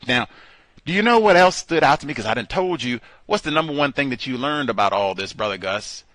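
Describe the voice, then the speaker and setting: Lively bright-voiced male host. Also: mid-range voice, brisk, no room sound. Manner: animated and mocking, slipping into put-on voices. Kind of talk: commentary monologue.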